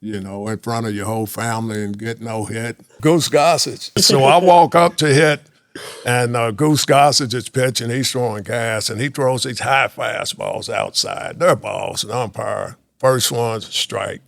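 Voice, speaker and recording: A man in his sixties, a former pro baseball player, telling lively anecdotes in a casual chat and laughing often. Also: medium pitch, unhurried, creaky, no echo, studio quality. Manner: animated anecdotes, laughs often, acts out quotes.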